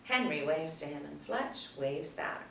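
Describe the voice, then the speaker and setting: Woman narrating stage directions, very low voice, steady reading, roomy, far from mic. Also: measured pace, vocal fry. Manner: steady, plain reading of action lines. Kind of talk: screenplay table read narration. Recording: roomy, distant mic, faint background hum.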